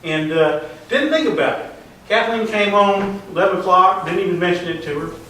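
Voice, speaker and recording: A middle-aged man telling a rambling, folksy story to a live audience, halting with fillers. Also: sits high, pushed and bright, a little hiss or hum. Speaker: storyteller at a tall-tale contest. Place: contest stage in a hall. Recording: distant, echoey hall recording.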